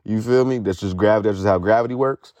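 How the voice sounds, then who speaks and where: A man's voice: lowish voice, fast talker, a little mellow, dry recording. A young man hosting a podcast alone, talking casually in a rambling, profane way while in pain from a foot injury. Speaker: podcast host. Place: sitting outdoors at home.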